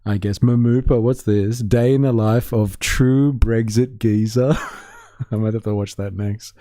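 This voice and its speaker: A man's voice: on the low side, steady tone, unhurried, mellow, no room sound, clean studio sound. A man hosting a livestream, casually reacting to clips, swearing, laughing and quoting lines back in mocking voices. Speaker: livestream host.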